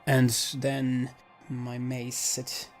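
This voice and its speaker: Male player, mid pitch, slow and earnest, narrates his cleric's actions. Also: completely flat delivery, faint music behind. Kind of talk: tabletop game play, in-character narration.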